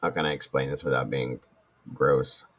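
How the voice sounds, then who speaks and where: A man's voice: rumbling low, steady tone, normal speed, fairly bright tone. A man in his forties hosting a live stream, chatting casually and rambling with self-mocking asides while he reads viewer comments. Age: 40s.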